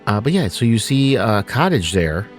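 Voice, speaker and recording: Animated male game master narrating. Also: on the low side, faint music behind. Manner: animated, quick descriptive narration with fillers.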